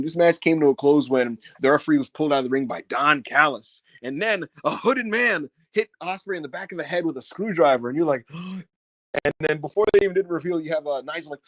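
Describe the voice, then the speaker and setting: This co-host of a wrestling podcast has a mid-range, fairly bright voice, captured in a dry recording. He swears his way through a laid-back review, laughing frequently and imitating people's quotes.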